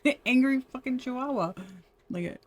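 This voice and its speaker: A woman's voice: high-pitched, expressive, normal speed, a little mellow. Chatty laughing woman reading tarot. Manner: chatty, laughing often, addresses viewers as y'all. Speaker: tarot reader. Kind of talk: casual tarot reading to camera.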